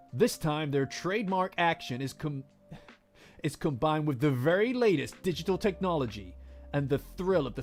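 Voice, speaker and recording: A man's voice: on the high side, close to an everyday voice. A man doing a dramatic movie trailer announcer. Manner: dramatic, emphatic trailer delivery. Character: booming adult male movie trailer narrator. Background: faint lo-fi music.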